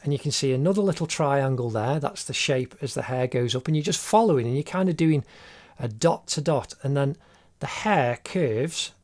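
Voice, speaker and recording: A man's voice: medium pitch, expressive, moderate pace, darkish tone. A man talks through a drawing tutorial step by step in an encouraging way, recorded as a voice-over while he draws. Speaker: art teacher.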